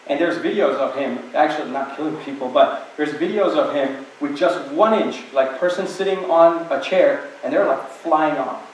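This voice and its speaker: A man gives an inspirational talk, telling stories with loose conversational asides. His voice sits a bit high. He sounds distant from the mic, with a heavy echo from the hall around him. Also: normal speed, hardly any pauses, slight background noise. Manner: storytelling, conversational with many asides. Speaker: guest speaker.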